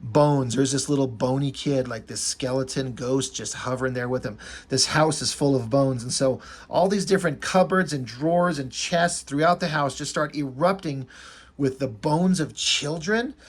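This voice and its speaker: A man's voice: mid-range voice, moderate pace. Man rambling about a comic he loves. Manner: enthusiastic, rambling, with frequent fillers. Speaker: comic book reviewer. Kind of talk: casual comic book review.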